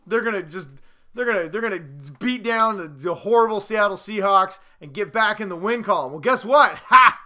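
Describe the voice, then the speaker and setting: A man hosting a casual sports vlog at home, boastful, excitable and rambling as he talks to the camera. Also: sits high, moderate pace. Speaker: host.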